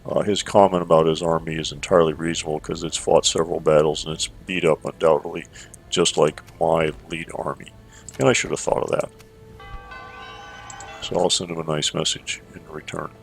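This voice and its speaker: Gravelly low-voiced man narrating gameplay. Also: flat delivery, faint music behind. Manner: measured, thinks aloud with fillers. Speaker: gameplay commentator. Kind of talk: strategy gameplay commentary.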